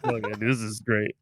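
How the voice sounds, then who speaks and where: A man's voice: lowish voice, dry recording, studio quality. A young man and dad co-hosting a comedy podcast, rambling casually, swearing and saying "dude" all the time. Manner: rambling, profane, says "dude" constantly. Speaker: podcast co-host.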